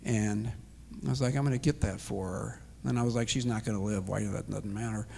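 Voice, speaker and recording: A man's voice: lowish voice, steady tone, fairly quick, creaky, a little mellow, a little hiss or hum. A retired man in his sixties telling an emotional personal story as an interview guest, acting out the dialogue. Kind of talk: personal testimony. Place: church sanctuary. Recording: long hall reverb.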